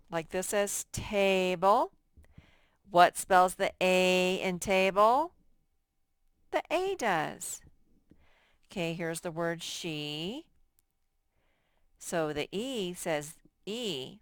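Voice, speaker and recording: A woman's voice: fairly low pitch, smooth, dry recording, clean studio sound. A woman teaching a recorded phonics lesson to first graders, patient and spelling things out word by word. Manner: slow, patient, drawn-out word by word.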